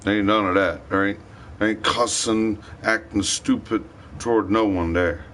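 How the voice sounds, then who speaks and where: A man's voice: fairly low pitch, fairly even intonation, unhurried, fairly bright tone, slight background noise. A man livestreaming a rambling, profane rant in heavy slang.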